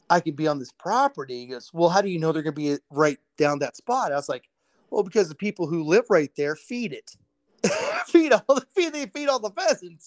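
A man's voice: high voice, no room sound. A man in casual podcast chat, laid-back and profane, telling hunting and cooking stories. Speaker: podcast co-host.

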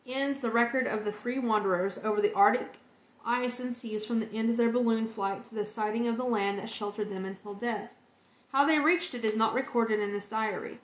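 Earnest woman reading aloud, echoey room. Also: fairly high pitch. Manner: earnest, emotionally moved reading. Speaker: podcast host reading an encyclopedia.

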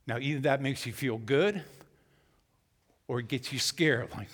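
A man preaching a sermon who acts out voices and swings from loud to hushed. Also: mid-range voice, unhurried, long pauses, big-room sound. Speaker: pastor. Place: church.

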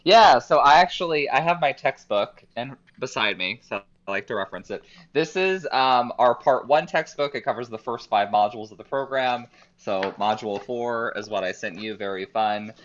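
A man guesting on a podcast, explaining his program in a relaxed, chatty way. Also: mid-range voice, normal speed. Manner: relaxed, chatty, uses "like" and "um" a lot. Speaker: podcast guest, business coach. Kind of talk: casual interview chat. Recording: dull lo-fi remote call.

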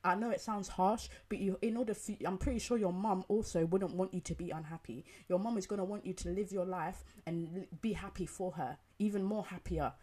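A woman's voice: medium pitch, steady tone, a little fast, few pauses, dark tone, breathy edge. A young woman giving an emphatic opinion monologue, repeating herself and asking rhetorical questions. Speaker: commentator.

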